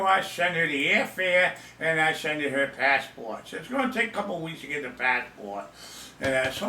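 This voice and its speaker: An older man with a somewhat high, bright voice tells a story in a rambling, self-mocking way and circles back over his own words. He sits away from the mic, so the sound is distant and echoes around the room. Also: very animated, moderate pace. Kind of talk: casual storytelling.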